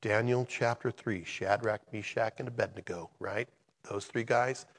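A man's voice: fairly low pitch, fairly even intonation, normal speed, in a large hall. A man giving a sermon as a pastor, speaking in a passionate and conversational way.

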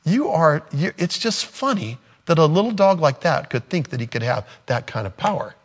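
A man's voice: fairly high pitch, expressive, normal speed. A man preaching a sermon in a casual, sarcastic way, acting out quotes as he goes. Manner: conversational, sarcastic, acts out quotes. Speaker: pastor.

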